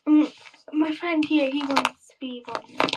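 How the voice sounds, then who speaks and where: Woman stranger, very high voice, blunt and curious questions, faint noise behind. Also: steady tone, measured pace, lo-fi sound. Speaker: stranger on video chat. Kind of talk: casual chat.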